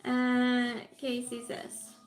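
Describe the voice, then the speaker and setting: A high-voiced woman with a Norwegian-tinged British English accent hosts a relaxed live stream at an unhurried pace. She greets her viewers one by one and reads their comments aloud. Her voice bounces around an echoey room with faint music underneath. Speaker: livestream host. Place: home room.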